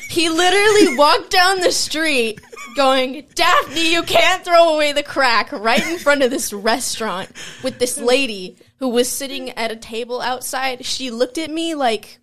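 A young woman co-hosts a podcast, chatting casually and telling stories while laughing often. Her voice is high, a bit bright, and a little slow.

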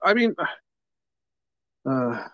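A man hosting a casual livestream, talking in a relaxed, rambling way, upbeat and quick to swear. His voice sits in an ordinary middle pitch. The sound is dry and a little dull, like a lo-fi stream. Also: no echo. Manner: casual, profane, upbeat, reads viewer comments aloud. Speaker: livestream host.

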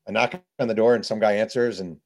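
A man with a fairly low voice talks as an author and journalist being interviewed. He tells his anecdotes in a lively, conversational way. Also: fast talker. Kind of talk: conversational storytelling.

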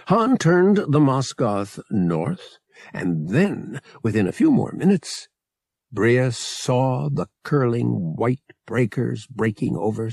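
A man reading an audiobook in measured, expressive scripted narration. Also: on the low side, vocal fry, breathy edge, no echo, studio quality.

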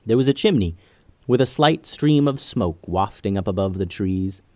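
Low-voiced man telling a kids' story. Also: expressive, moderate pace, a little mellow, no echo. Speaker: podcast host and storyteller. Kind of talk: children's story narration.

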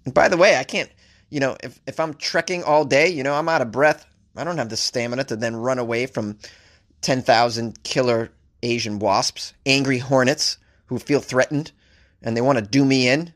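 A man's voice: mid-range voice, normal speed, a bit bright. A man reading odd news stories aloud and riffing on them, sarcastic and rambling, swearing casually. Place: staying in a hotel abroad.

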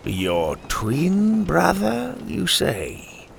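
A man voicing a cruel male pirate captain with a gruff, mocking drawl in a storybook. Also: on the high side, huge pitch swings, drawn-out words, a little hiss or hum, voice pushed up, exaggerated voice.

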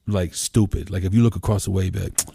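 A man's voice: deep voice, fairly even intonation, fast, gravelly, warm tone, a little hiss or hum. A man from Pennsylvania, a podcast guest, telling stories in a loose, rambling way, full of "you know" fillers and casual swearing. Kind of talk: casual storytelling conversation. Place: home room.

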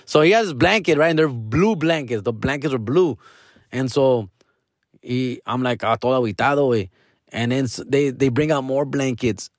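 A man's voice: mid-range voice, normal speed, dry recording, clean studio sound. A man telling a casual story to his followers, slangy and profane, mixing Spanish words into his English. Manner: peppers talk with "fool" and "dog". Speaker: actor vlogging to followers.

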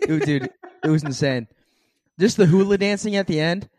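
A young man co-hosting a comedy podcast, excitable and giggly, leaning on "dude" a lot. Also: a little high, unhurried, dry recording, clean studio sound. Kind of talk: casual podcast chat.

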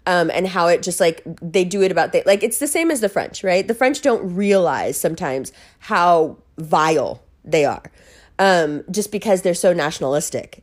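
A woman's voice: on the low side, a little mellow. A woman giving her blunt, candid opinions in a casual monologue. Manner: candid, blunt, with filler words and restarts. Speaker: speaker sharing opinions.

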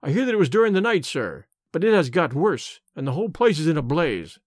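Male reader voices a cheerful rustic station master, deferential, a little high. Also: very animated, fairly quick, no room sound, studio quality. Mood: chatty.

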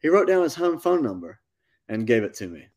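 A man's voice: medium pitch, fairly quick. Man telling a story. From North Carolina. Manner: animated anecdote-telling, with quoted asides. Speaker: guest musician. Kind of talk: casual storytelling interview.

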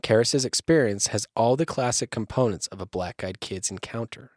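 A male podcast host with an average-pitched voice reads a spooky account aloud. The sound is dry and close, and his delivery mixes steady reading with profane, jokey asides. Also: moderate pace, no echo. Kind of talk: casual podcast chat and story reading.

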